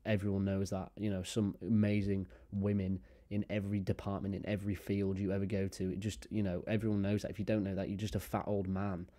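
A man's voice: low-pitched, flat delivery, fast, hardly any pauses, dark tone. A young man talking casually about video games, rambling with lots of fillers and frequent swearing. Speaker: gaming YouTuber. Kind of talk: casual chat to camera.

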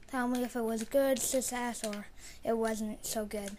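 A woman streams herself playing a shooter, talking to her viewers in a fairly high voice that stays on a flat line. She mutters low between plays, then jumps to sudden loud outbursts. A faint hiss sits under her computer mic. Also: a little slow. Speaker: gamer streaming live play. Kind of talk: live gameplay commentary.

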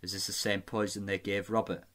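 A man's voice: lowish voice, level tone, brisk, a bit bright, close to an everyday voice. A man reading aloud as a weary, imprisoned noble lord, tired and strained.

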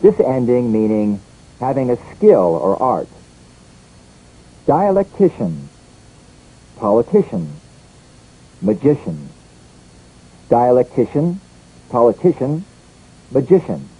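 A man's voice: medium pitch, takes it slowly, pauses often, breathy edge, phone-quality sound. A man leading a scripted English pronunciation drill, saying each word and sentence twice. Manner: lively, repeats each word and line twice.

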